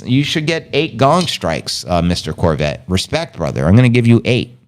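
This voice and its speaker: A man's voice: medium pitch, huge pitch swings, moderate pace. A man hosting a casual livestream, reading out news and chat comments in a hyped, loose, chatty way. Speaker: crypto livestream host.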